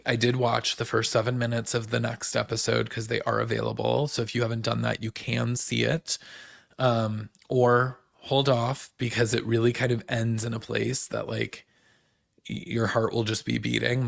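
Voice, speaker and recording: Male host for a casual TV recap: rambling and animated, slight vocal fry, dry recording. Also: mid-range voice, no echo. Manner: rambling, full of "like" and "um" fillers; animated, puts on the cast's voices in quotes.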